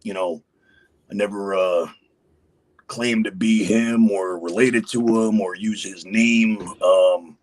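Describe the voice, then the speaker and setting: A man's voice: fairly low pitch, steady tone, slow pace, darkish tone, rough recording. A man speaking as a podcast guest, rambling casually with many fillers. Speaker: guest impersonator. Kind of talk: casual interview chat.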